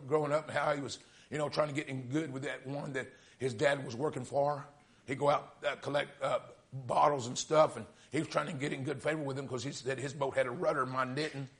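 A man preaching, retelling a story in folksy speech and building to fervent, near-shouted peaks. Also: medium pitch. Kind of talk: storytelling sermon.

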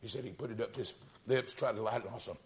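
A man preaching, retelling a story in folksy speech and building to fervent, near-shouted peaks. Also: fairly low pitch, rapid-fire, a little hiss or hum. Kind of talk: storytelling sermon.

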